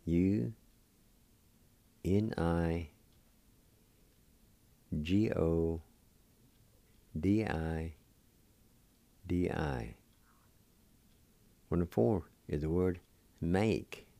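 A man with a very deep, gravelly voice teaches words at a slow, careful pace. He spells everything out patiently, letter by letter, as a radio host would. The sound is dry and close, with no room around it. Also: warm tone, dry recording. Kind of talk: slow spelled-out language lesson.

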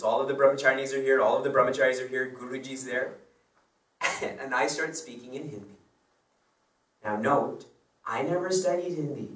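A man's voice: mid-range voice, a bit bright. A man teaching as a spiritual teacher, telling personal stories in a chatty way and laughing along with them. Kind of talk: devotional discourse with personal stories. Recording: roomy sound from a distant mic.

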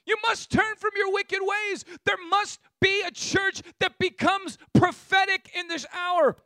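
Impassioned high-voiced male preacher. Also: fairly even intonation, measured pace, no room sound, studio quality. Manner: impassioned, rising to shouts. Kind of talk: sermon.

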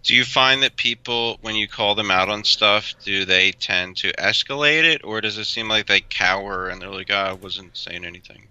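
A man with a low but very bright, crisp voice hosts a podcast. He asks probing questions with some hesitant fillers. His delivery is clear and resonant. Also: moderate pace, hardly any pauses, dry recording, muffled recording. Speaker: podcast host. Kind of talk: interview questions.

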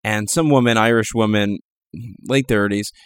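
A man's voice: on the low side, steady tone, normal speed, clear, resonant tone, dry recording, studio quality. A man co-hosting a casual talk show, rambling along with many fillers and restarts.

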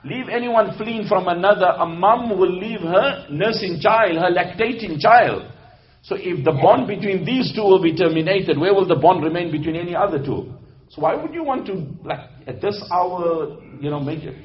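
A male preacher telling stories in a sermon, animated, switching between loud emphasis and hushed narration. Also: sits high, normal speed, lo-fi sound. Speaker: Islamic preacher. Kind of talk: sermon storytelling.

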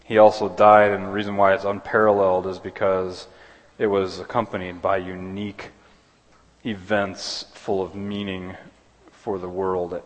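A man's voice: low voice, flat delivery, normal speed. A man preaching a sermon as pastor, earnest, often restarting and repeating words. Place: church sanctuary. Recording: long hall reverb.

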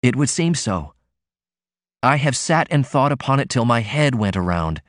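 A man voicing a proud young male writer in an audiobook, speaking in a measured, bitter, argumentative way. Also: mid-range voice, expressive, no echo, clean studio sound, lightly acted. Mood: reasoning. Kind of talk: audiobook character reading.

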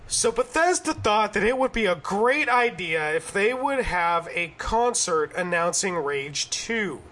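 A man with a high, bright-edged voice hosts a casual gaming podcast. He talks in an animated, joking way and swears freely while telling a story. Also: unhurried. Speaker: podcast host.

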